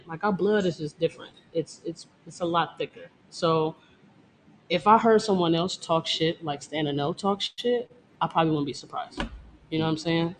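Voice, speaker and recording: A woman's voice: on the low side, a little hiss or hum. A woman dancer talking bluntly and profanely in a casual interview, laughing often and boasting. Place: Detroit.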